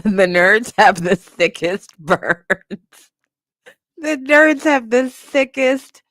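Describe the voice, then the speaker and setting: A woman's voice: mid-range voice, dry recording, clean studio sound. A woman hosting a casual commentary stream, reading chat comments and laughing often as she reacts. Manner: laughing often, animated, lively. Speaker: host.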